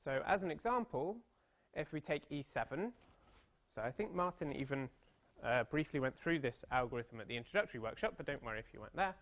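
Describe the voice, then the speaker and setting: A man's voice: mid-range voice, lively intonation, brisk, a bit bright. Chatty British man giving a maths seminar. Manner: chatty and self-deprecating, with playful storytelling asides. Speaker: mathematics lecturer. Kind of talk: academic seminar talk. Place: seminar room.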